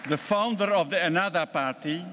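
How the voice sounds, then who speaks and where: An older Belgian-accented party president gives a formal speech, his slightly high-pitched voice bright and forceful. He's measured and deliberate, hitting key words with emphatic stresses. The long reverb of a large congress hall rings around him, with some chatter in the background.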